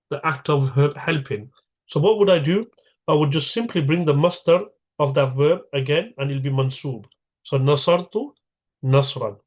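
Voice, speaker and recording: A man's voice: a little high, lo-fi sound. A man teaching an Arabic grammar lesson, explaining patiently step by step and asking and answering his own questions.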